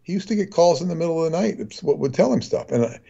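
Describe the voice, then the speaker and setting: A man's voice: a little high, animated, fast talker, creaky, mellow, slightly rough, highs cut off. A man talking as a guest in casual chat, telling long rambling anecdotes.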